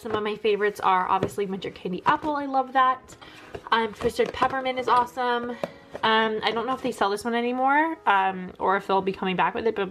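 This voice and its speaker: A woman's voice: a little high, background noise. Chatty young woman vlogging at home. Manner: chatty, rambling, lots of fillers. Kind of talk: casual vlog chat. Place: bedroom at home.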